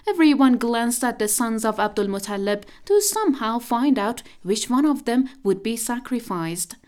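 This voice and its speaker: A woman narrating a radio drama in a steady storytelling manner. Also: fairly high pitch, normal speed.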